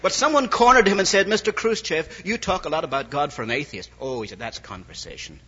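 A man's sermon, captured on an old lo-fi recording in an echoing hall, moves quickly through stories in which he voices the other people's dialogue. His voice is a little high, expressive and sharp in tone, with slight background noise.

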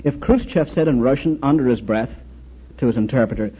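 A man giving a storytelling sermon talk, recounting anecdotes and quoted exchanges in an animated way. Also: medium pitch, fairly quick, husky, lo-fi sound. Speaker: speaker addressing an audience.

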